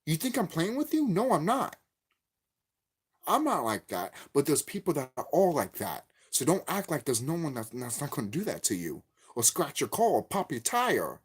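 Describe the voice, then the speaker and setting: A YouTube game commentator rants angrily about a game in a vlog, cursing and repeating himself. His husky voice moves at a moderate pace with lively pitch swings, getting loud and high when he's worked up.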